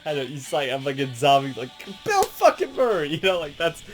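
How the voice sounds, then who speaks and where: Fast-talking and medium-pitched, a gaming channel host chats casually and eagerly about a favorite game. Lots of swearing and frequent laughs fill the talk, set against faint music.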